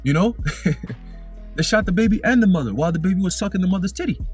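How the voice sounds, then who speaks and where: A man's voice: high-pitched, lively intonation, fast, breathy edge, soft background music. A young man preaching in a casual way, reading scripture verses aloud and often ending his lines with "man". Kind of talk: informal scripture teaching.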